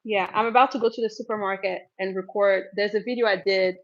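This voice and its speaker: A woman's voice: medium pitch, fairly even intonation, fast talker, a bit bright, muffled recording. A woman from Cameroon hosting a casual live Q&A, chatting with viewers and reading out their comments. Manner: chatty, laughs often, reads out viewer comments. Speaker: livestream host.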